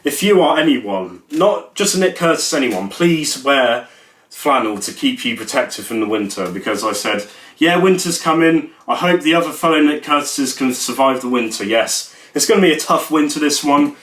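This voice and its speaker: A young adult YouTuber rambles and jokes at his own expense in a casual vlog recorded in an echoey room. His mid-range voice is animated and fairly bright, moving at normal speed.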